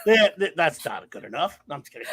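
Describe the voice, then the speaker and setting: A man's voice: fairly high pitch, very animated, fast, a bit bright, husky. A man hosting a casual live show, rambling and self-mocking in a playful way. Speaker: livestream show host. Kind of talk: casual chat.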